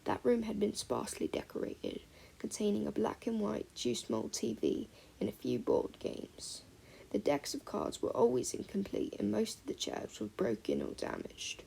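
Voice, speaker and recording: Woman narrating an audiobook, gravelly husky voice, mellow tone, lots of lilt. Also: medium pitch, wildly swooping pitch, moderate pace, rough recording. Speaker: audiobook reader. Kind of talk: fan-fiction audiobook narration.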